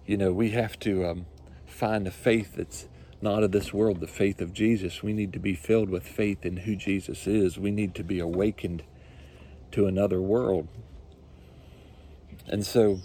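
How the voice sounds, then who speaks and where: A man's voice: sits low, mellow, slight background noise. A male pastor preaching a sermon, earnest and repetitive, building his points with rising emphasis.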